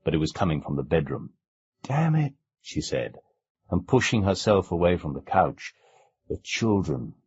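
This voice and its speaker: A man narrating an audiobook in a low, husky voice, with lots of movement in his pitch. His telling is measured and expressive. The cassette recording is dull and lo-fi. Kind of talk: scripted narration.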